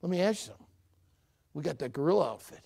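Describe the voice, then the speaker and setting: A man's voice: fairly high pitch, lively intonation, very fast, creaky, darkish tone. A man voicing a blunt, matter-of-fact circus manager in a joke told during a sermon. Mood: coaxing. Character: blunt middle-aged male circus manager.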